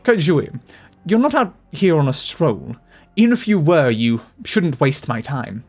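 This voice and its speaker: A man voicing a stern old male city ruler with a low, gruff delivery in a game story reading. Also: big pitch swings, a little slow, soft background music, heavily acted.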